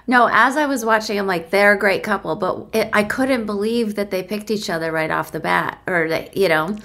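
A woman guest on a podcast, chatting in a relaxed way and giving her opinions. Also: mid-range voice, moderate pace. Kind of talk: casual chat.

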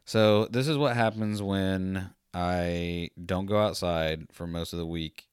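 A man hosting a podcast, telling a rambling, animated anecdote in a casual monologue and acting out the quotes as he goes. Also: sits low, slow pace, smooth, no room sound, studio quality. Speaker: podcast host.

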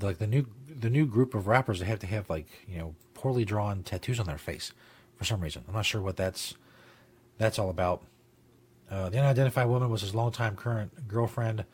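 A man's voice: on the low side, husky. A male talk-show host rambling casually and profanely, laughing at his own jokes, in a studio.

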